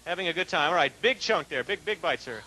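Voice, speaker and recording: A man hosting a live TV game show in a studio, energetic and quick as he coaxes contestants along. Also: fairly high pitch.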